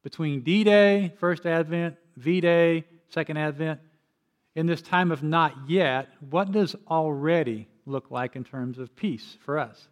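A man's voice: on the high side, slow pace. An older man preaching a sermon as pastor, telling personal stories in an earnest way with frequent restarts.

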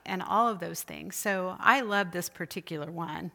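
Forceful and bright, with a lowish, creaky voice, a woman lectures at church on spiritual disciplines at a moderate pace. Her style is conversational, and she puts questions to the group while teaching.

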